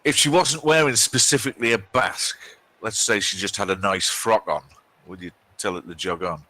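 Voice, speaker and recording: Bright, low-pitched streamer man. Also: normal speed. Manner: joking, chatty, frequent restarts and ums. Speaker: streamer playing a match. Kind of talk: casual live-stream banter.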